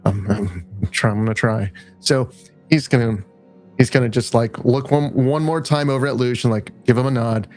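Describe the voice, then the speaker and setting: A man's voice: moderate pace, a little mellow, faint music behind. Rambling man describing his game character. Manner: rambling, many fillers, acts out lines in a high voice. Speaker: player.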